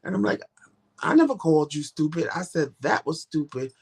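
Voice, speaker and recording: A man's voice: fairly high pitch, very animated, a little fast, breathy edge. A man co-hosting a casual couple's chat show, talking directly and animatedly, acting out quoted back-and-forth dialogue. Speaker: co-host.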